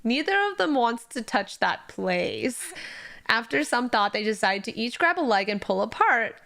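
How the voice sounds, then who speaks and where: A woman co-hosting a podcast who gives a casual, animated recap of a novel's plot, laughing along the way. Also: a little high, moderate pace, creaky. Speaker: podcast co-host.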